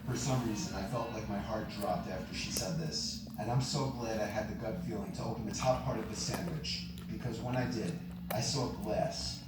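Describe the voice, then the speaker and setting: A man reading a horror story aloud in an even storytelling delivery. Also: lowish voice, moderate pace. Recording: very echoey, distant, noisy.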